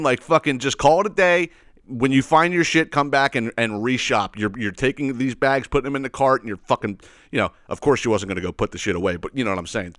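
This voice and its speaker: A man hosting a podcast, telling a story as a profane, animated rant. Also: mid-range voice, dry recording, studio quality. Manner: profane, animated, repeats "you know what I mean". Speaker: podcast host. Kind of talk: ranting storytelling.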